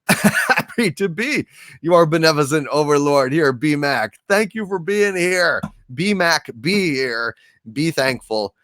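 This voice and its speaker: Halting man hailing viewers on stream. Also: a little high, fairly bright tone, no room sound, studio quality. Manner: grandiose mock-overlord greetings, halting with many fillers. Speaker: livestream host reading super chats. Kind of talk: casual livestream chat.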